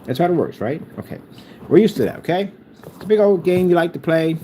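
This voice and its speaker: Dark-voiced man ranting at his haters. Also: on the high side, animated, fairly quick, a little hiss or hum, rough recording. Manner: taunting, mocking haters in a sing-song voice. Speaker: small business owner. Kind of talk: rambling vlog rant.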